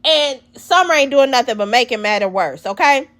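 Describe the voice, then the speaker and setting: A woman recapping a reality show in blunt, profane, animated casual talk. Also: high voice, moderate pace.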